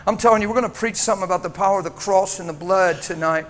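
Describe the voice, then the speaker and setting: An American man preaching a sermon in a church, impassioned, swinging from loud urging to hushed tones. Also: high voice, very fast, a little hiss or hum. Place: church sanctuary.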